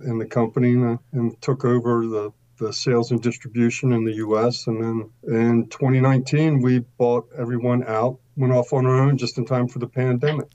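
A man in his sixties, a podcast guest, telling long stories in a relaxed interview and pausing often on uh. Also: mid-range voice, dull audio. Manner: long storytelling answers, frequent uh fillers. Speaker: guest, wine importer. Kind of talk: casual interview talk.

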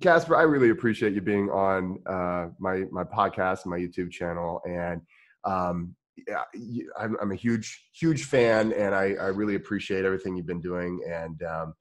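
A man's voice: low voice, moderate pace. A man from Indiana with a rural Midwestern American accent, hosting a podcast interview in a rambling, easygoing way full of restarts and fillers. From Indiana, United States. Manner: rambling, many restarts and fillers, laughs easily. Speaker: podcast host. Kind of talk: casual interview chat.

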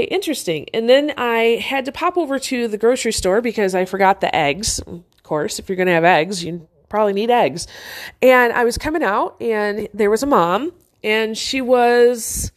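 A middle-aged woman casually telling a personal story, chatty and earnest, with many fillers and restarts. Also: medium pitch.

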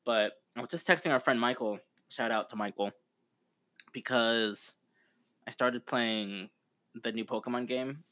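A man's voice: medium pitch, a little slow, bright, forceful tone. A man co-hosting a podcast, chatting casually in a rambling, laid-back way with frequent fillers. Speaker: podcast co-host. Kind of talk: casual chat.

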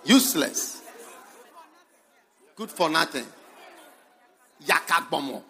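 A man preaching a sermon in a strikingly high, bright, gravelly voice. He swings his pitch all over, shouts and laughs in bursts, and repeats key words. A faint crowd and low noise sit behind him. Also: sing-song, normal speed, long pauses. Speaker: bishop, preacher. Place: church hall with congregation.

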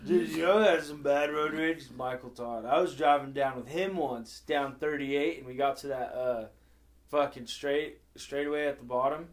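Young man, podcast co-host, mid pitch, crude and storytelling. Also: normal speed. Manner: crude, swears freely, acts out quotes. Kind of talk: casual storytelling.

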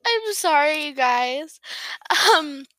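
Giggly, bright-voiced woman. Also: high-pitched, animated, slow pace, no room sound. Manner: giggly, self-deprecating, apologetic. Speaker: podcast host recapping a novel. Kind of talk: casual rambling book recap.

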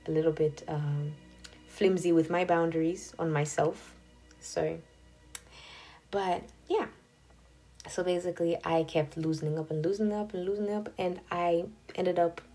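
Husky low-voiced young woman podcaster. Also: darkish tone. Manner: candid and confessional, chatty. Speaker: podcast host. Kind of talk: casual solo podcast talk. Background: faint background music.

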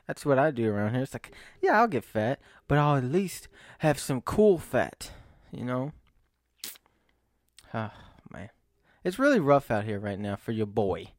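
A man's voice: mid-range voice, big pitch swings, a little slow, long pauses, no room sound. Rambling self-mocking young man. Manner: rambling, self-mocking, laughs and sighs often. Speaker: vlogger. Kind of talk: rambling casual monologue to camera.

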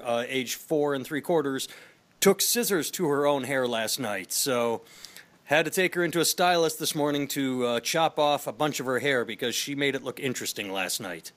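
A man in his thirties hosts a casual podcast. He tells stories with a wry, chatty edge and a medium-pitched voice. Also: a bit bright. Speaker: podcast host.

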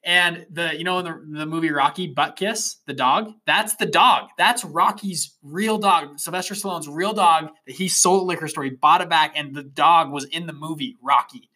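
A man's voice: a little high, normal speed, few pauses, pushed and bright. A man in his twenties, a podcast host, telling a motivational story in a casual, rambling way full of fillers and restarts. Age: 20s.

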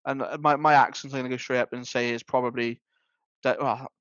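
Here a male podcast co-host speaks briskly in a steady, medium-pitched tone that's a bit bright. The relaxed chat wanders, packed with fillers and restarts. There's no room sound, and the audio is dull and slightly lo-fi.

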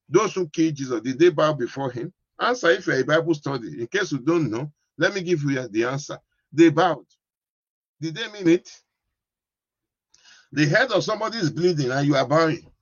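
A pastor preaches in a slightly raised, husky voice. He keeps circling back to the same questions and asks whether the congregation understands. The recording is dry and a little dull. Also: on the high side, dry recording. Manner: repetitive, keeps asking "you understand?". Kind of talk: sermon.

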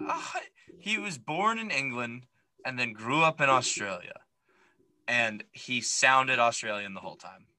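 A man's voice: medium pitch, measured pace, no room sound, poor audio. A man co-hosting a podcast, recapping a movie in casual, opinionated chat full of fillers. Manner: opinionated, animated, lots of fillers. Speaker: podcast co-host.

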